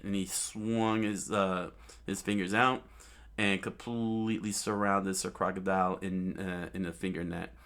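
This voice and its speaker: A man casually reading a comic aloud, halting often and restarting his sentences with amused asides. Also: low-pitched, steady tone, fairly bright tone. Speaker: comic reader.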